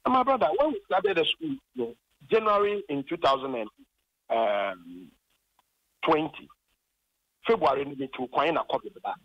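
A Ghanaian man phones in to a radio talk program, indignant and passionate as he relays his quarrels with officials. His voice sits high and swings widely in pitch. It comes through husky and dry, flattened by a muffled phone line. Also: normal speed, long pauses, no room sound. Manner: impassioned, indignant, retelling arguments. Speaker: caller, former district chief executive.

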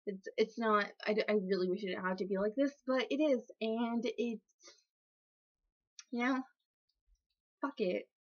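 A woman's voice: fairly high pitch, fairly even intonation, unhurried, long pauses. A woman vlogger rambling through an improvised story, full of fillers, self-corrections and swearing, on slightly dull lo-fi audio. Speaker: vlogger telling a made-up story.

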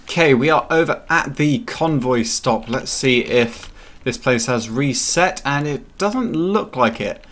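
A man's voice: medium pitch, lively intonation, a little slow, fairly bright tone. Man chatting through a game. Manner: chatty, playful, talks to game characters. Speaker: gaming channel host. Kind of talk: casual gameplay commentary.

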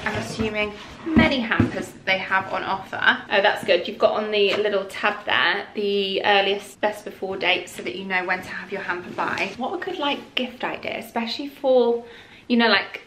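Young woman, chatty vlogger voice, bright and forceful, echoey room. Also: fairly high pitch. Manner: chatty, drops to a whisper at times. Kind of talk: casual haul vlog chat. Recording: echoey room with faint noise.

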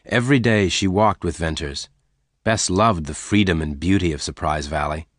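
A man reading a story aloud in a clear, measured narration. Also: low voice, no room sound, clean studio sound.

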